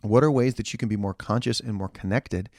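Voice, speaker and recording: A man's voice: lowish voice, a little fast, vocal fry, darkish tone, no room sound, studio quality. A man co-hosting a church podcast in casual chat, earnest and ranting in bursts with frequent restarts.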